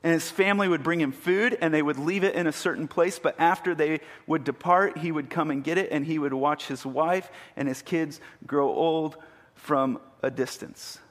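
A man's voice: on the high side, steady tone, moderate pace. A man preaching a sermon, retelling a story vividly and building to emphatic peaks. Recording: long hall reverb.

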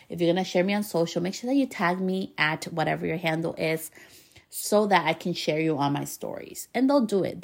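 Woman host, lowish voice, casual upbeat tips, loose and talky. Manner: chatty, upbeat, frequent fillers and mild swearing. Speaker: podcast host giving business tips to hairstylists. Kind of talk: casual advice talk.

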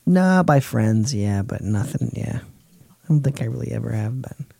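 A man's voice: medium pitch, expressive, normal speed, creaky, dark tone, husky, dry recording. A man co-hosting a podcast, chatting casually in a laid-back way, often trailing off and calling his friend dude. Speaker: podcast co-host. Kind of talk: casual chat.

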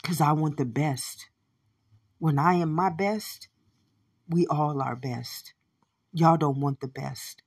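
A woman delivering a profane, repetitive monologue, shouting at times and muttering low at others. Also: takes it slowly, long pauses, husky. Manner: swears constantly, repeats phrases, swings from shouting to low mutters.

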